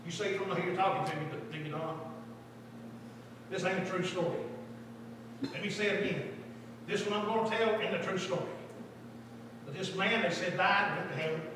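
A man preaching a sermon in a church, swinging between loud exhortation and hushed storytelling. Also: sits high, brisk, long pauses. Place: church sanctuary. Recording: echoey hall, distant mic, faint room noise.

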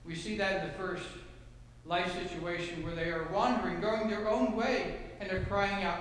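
A male pastor preaching a sermon, swinging from low, soft passages to loud shouted cries. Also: fairly even intonation, normal speed, slight background noise. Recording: echoey hall with long reverb.

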